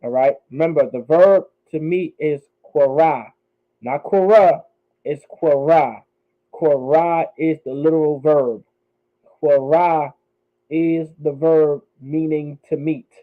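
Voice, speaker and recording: A man teaches a class, carefully sounding out each word and repeating phrases slowly so the students can follow. His voice sits a little high for a man. The sound is thin and narrow, as if it comes through a phone line. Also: fairly even intonation. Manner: drills words slowly and repeats them for the class. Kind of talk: teaching Hebrew pronunciation.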